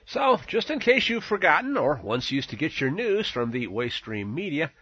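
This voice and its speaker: A man's voice: sits high, big pitch swings, moderate pace, sharp tone, husky, no echo, highs cut off. Mocking, theatrical male commentator. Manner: mocking, theatrical, swinging emphasis. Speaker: political commentary host. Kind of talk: sarcastic news commentary.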